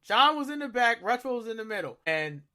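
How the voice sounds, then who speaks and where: A man in his thirties telling a story in casual podcast chat, acting out his own reactions with loud shouts. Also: extremely high pitch, very animated, a little fast. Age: 30s. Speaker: podcast co-host.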